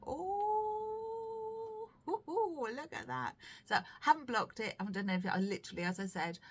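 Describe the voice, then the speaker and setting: A woman's voice: mid-range voice, very animated, quick pace, a bit bright. A woman hosting a knitting video podcast, chatting casually and rambling to camera with lots of ums and self-deprecating asides, sometimes stepping back from the mic.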